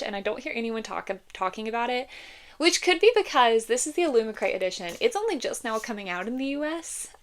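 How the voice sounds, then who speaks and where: A woman chatting to camera about books, gushing, often laughing, with many fillers. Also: medium pitch. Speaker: book reviewer. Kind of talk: casual chat to camera.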